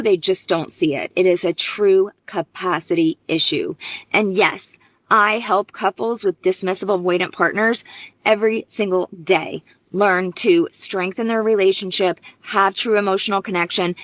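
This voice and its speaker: A woman speaking as a relationship coach, explaining things earnestly and step by step. Her voice sits at an ordinary middle pitch and is recorded dry and close, with no room sound. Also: a bit bright, no room sound, poor audio. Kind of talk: direct-to-camera advice video.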